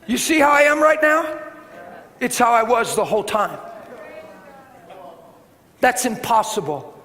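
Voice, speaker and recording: A middle-aged man preaching a sermon, telling a story with animated swings from shouting to soft, hushed tones. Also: extremely high pitch, unhurried, long pauses, some chatter behind. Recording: echoey hall with faint ambience.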